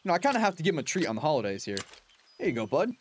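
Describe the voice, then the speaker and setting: A young man talks through a hunting game in a loose, chatty way, laughing and cheering on his virtual dog. His voice sits a bit high for a man. His pitch swings widely as he reacts. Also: very animated, racing, slight background noise. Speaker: gaming channel host. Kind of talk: casual gameplay commentary.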